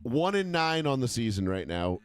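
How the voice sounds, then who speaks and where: A man's voice: mid-range voice, very animated, moderate pace, clear, resonant tone, dry recording. A man hosting a casual sports talk show, joking, swearing and rambling. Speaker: podcast host.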